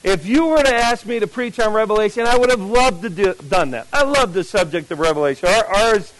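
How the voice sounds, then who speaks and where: At a camp meeting, a middle-aged pastor preaches in a fairly high voice, his New Jersey accent mostly worn away into a mixed American sound. He speaks to the congregation like a chatty storyteller, full of animated asides and questions. The recording is brisk and low in quality.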